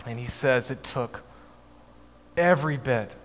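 A man telling a family story to an audience in a measured way, with his voice dropping softly at the ends of lines. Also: medium pitch. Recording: echoey hall, faint background noise.

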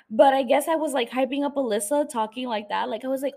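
Chatty young woman podcaster, slightly high. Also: fast talker, vocal fry, hardly any pauses, a little mellow. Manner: chatty, swearing, laughing asides. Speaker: podcast host. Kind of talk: casual chat.

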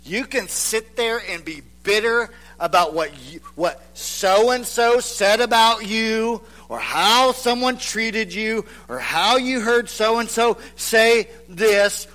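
A high-pitched male pastor preaches a sermon, dropping to hushed, near-whispered lines for emphasis. He acts out the voices of reluctant churchgoers.

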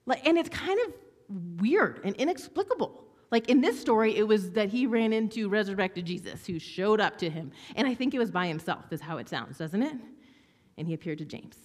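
A woman delivering a sermon with mid-range pitch and a loose, chatty delivery, calling for responses from the congregation. Her voice carries the long reverb of a large hall. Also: moderate pace. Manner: conversational, animated, asks audience to respond. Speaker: pastor. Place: church hall with audience.

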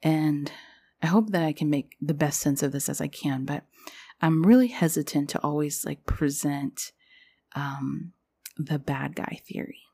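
Podcast host: young woman, low gravelly voice, loose confessional rambling. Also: steady tone, a little slow, mellow. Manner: rambling, confessional, heavy use of "like". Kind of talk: casual spiritual podcast monologue.

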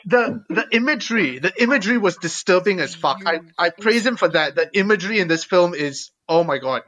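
High, bright-voiced man with blunt opinions. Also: lively intonation, a little fast. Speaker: podcast co-host. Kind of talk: casual film chat.

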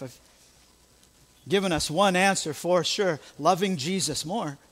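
Emphatic American pastor preaching. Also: male voice, sits high, a bit bright. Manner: emphatic, rhetorical questions, preacherly. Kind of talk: sermon.

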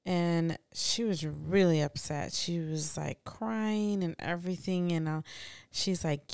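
A woman co-hosting a casual podcast, telling stories in an animated, playful way. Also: on the low side, takes it slowly, vocal fry, smooth, no room sound, clean studio sound. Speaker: podcast co-host. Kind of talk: casual chat.

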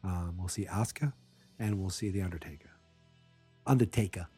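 Man, wrestling show host, husky voice, rambling jokey prediction chat. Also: low voice, steady tone, brisk, mellow, faint music behind. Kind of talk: casual prediction commentary.

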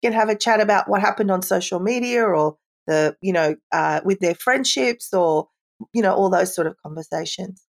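Middle-aged woman, parenting-expert guest; warm, explanatory, chatty delivery at an average pitch. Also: moderate pace, gravelly. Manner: warm, explanatory, with frequent "you know" and light laughs. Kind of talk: conversational podcast interview.

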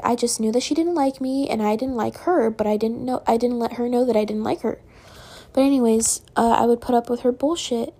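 A woman's voice: on the high side, dark tone. A young woman telling a personal story in a casual, rambling way at home, full of "like" and "um".

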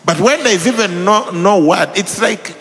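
A man preaching in a conversational style, telling animated stories. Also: high voice, moderate pace. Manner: animated storytelling, bursts into mock tongues. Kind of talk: conversational sermon. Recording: reverberant hall with faint ambience.

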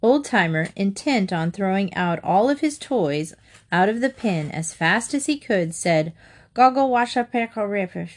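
A woman narrating a children's storybook aloud in a clear, steady storytelling manner. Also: medium pitch, measured pace.

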